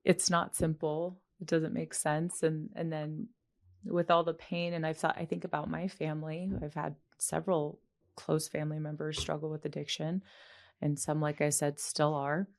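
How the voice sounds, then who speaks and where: A woman's voice: low voice, little pitch movement, normal speed, darkish tone. A woman hosting an interview podcast, talking in a casual, reflective way and laughing easily. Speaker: podcast host.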